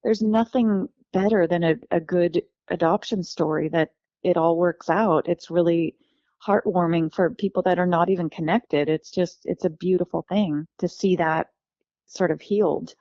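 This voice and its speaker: A woman from California, a guest telling her life story in a lively, warm way, acting out the voices of the people she quotes. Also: fairly low pitch, normal speed, dry recording, muffled recording.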